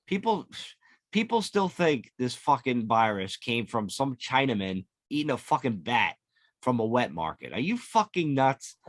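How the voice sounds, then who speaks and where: Brief: podcast host, man, average pitch, blunt and foul-mouthed, dry close mic. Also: very animated, a little slow, no echo. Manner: blunt, heavily profane ranting. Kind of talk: casual podcast chat.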